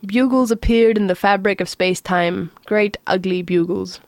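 A woman narrates an audiobook in an even, measured storytelling manner, her voice at a medium pitch. The recording is dry and studio quality.

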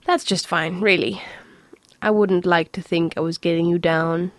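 A woman doing a bright, lilting young pilot. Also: fairly low pitch, fairly even intonation, normal speed, no echo, studio quality, close to an everyday voice. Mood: soothing.

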